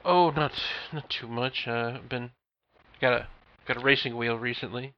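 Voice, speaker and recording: A man's voice: medium pitch, fairly even intonation, normal speed. Dry, self-mocking man on a podcast. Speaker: podcast co-host. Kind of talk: casual chat. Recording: dull lo-fi sound.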